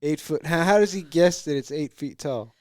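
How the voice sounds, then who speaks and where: A man's voice: fairly high pitch, normal speed, darkish tone, dry recording, studio quality. A man co-hosting a podcast in casual chat, asking questions and cracking wry jokes. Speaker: podcast co-host.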